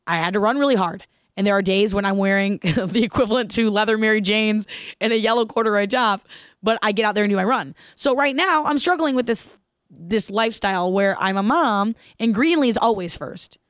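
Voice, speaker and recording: A woman in her thirties hosting her own podcast, telling a personal story in an animated, casual way, laughing as she goes and asking listeners questions. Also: medium pitch, no echo, studio quality. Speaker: podcast host.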